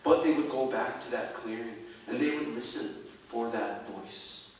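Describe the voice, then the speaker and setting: A man's voice: medium pitch, measured pace, a little hiss or hum. Man, storyteller on stage, folksy and chuckling, big echo, distant mic. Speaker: storyteller and musician. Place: performing arts center stage. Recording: echoey hall from far off.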